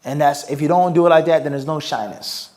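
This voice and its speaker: His voice is a little high and a little mellow, and he speaks fairly quickly. Teaching Islamic topics in a live question-and-answer session, the man asks rhetorical questions, quizzes listeners with "what?", and weaves Arabic phrases into his English.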